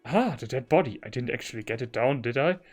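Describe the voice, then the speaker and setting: A man's voice: mid-range voice, animated, fast talker, faint music behind. German man giggling through game commentary. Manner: laughs often, reads game dialogue aloud. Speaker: gaming streamer. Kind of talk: casual let's-play commentary.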